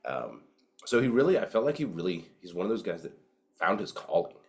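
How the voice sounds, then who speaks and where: A brisk male co-host with a low voice and big swings in pitch chats over cigars and whiskey at an indoor home podcast setup. His talk is laid-back and profane, peppered with fillers.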